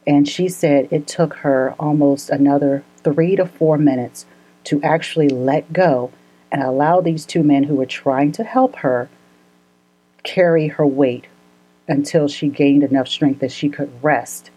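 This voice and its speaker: A woman with a low voice tells a story in casual podcast chat. Her tone is soft and mellow, and she speaks earnestly with frequent laughter. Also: measured pace, rough recording. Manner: earnest, laughs often, gets emotional.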